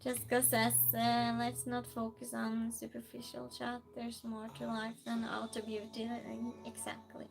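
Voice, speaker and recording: Woman streamer reading out chat, high voice, easygoing slow pace, faint music behind. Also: monotone, creaky. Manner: chatty, reads chat aloud, bursts into loud greetings. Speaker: livestream host. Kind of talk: casual chat reading out viewer comments.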